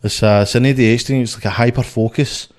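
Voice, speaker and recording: A man's voice: medium pitch, fairly even intonation, quick pace, darkish tone. A young Scottish man, a boxer, telling stories in a blunt, sweary, rambling way on a casual podcast. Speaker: guest, boxer.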